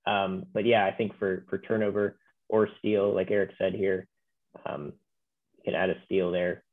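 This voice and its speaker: Brief: low-pitched male trainer, easygoing and filler-heavy, heard over a tinny, phone-like connection. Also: normal speed. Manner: relaxed, many fillers. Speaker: software trainer. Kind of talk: webinar walkthrough.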